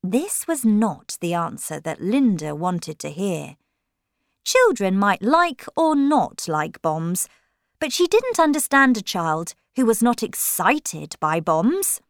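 A woman narrates a story in a measured, expressive voice. She reads slowly, and her pitch rises and falls freely. The recording is dry and close. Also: dry recording. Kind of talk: audiobook reading.

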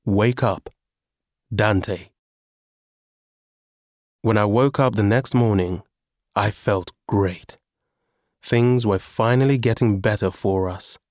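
A man reading a chapter of a novel aloud in first-person narration, at a measured pace. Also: lowish voice, a little mellow, no echo, studio quality. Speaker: audiobook narrator.

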